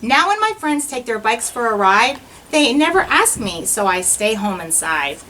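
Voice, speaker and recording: A woman teacher reads a rhyming picture book aloud in a bright, clear voice. Her pitch swings widely as she carries the verses with a sing-song lilt. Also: very animated, moderate pace, distant mic, low-quality recording.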